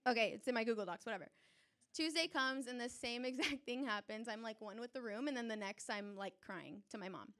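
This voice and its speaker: A young adult woman telling a personal story on stage before a live audience, animated and chatty, often laughing. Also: a little high, brisk.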